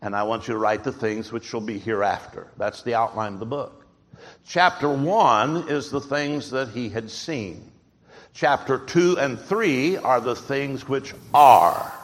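Male preacher, mid pitch, emphatic sermon voice in a reverberant church sanctuary. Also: measured pace. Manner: emphatic preaching with rhetorical questions. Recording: long hall reverb.

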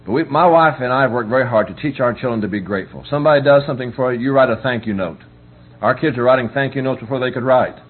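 Middle-aged male preacher, folksy conversational sermon delivery, mid-pitched voice, lo-fi phone-line recording. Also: quick pace, breathy edge. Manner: folksy, keeps asking "you understand?". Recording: tinny phone-like recording with faint hum.

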